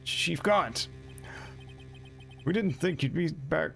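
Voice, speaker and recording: A man voicing an excitable, spunky teenage girl in a game with a squeaky falsetto. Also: takes it slowly, vocal fry, soft background music, exaggerated voice. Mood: startled.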